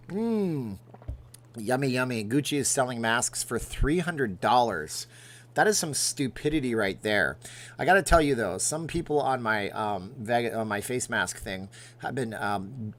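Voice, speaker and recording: A middle-aged man riffing through a casual livestream, chatty and sarcastic as he answers viewers' questions. His pitch sits right in the middle for a man, and he talks loosely and conversationally. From Las Vegas, Nevada. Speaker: livestream host.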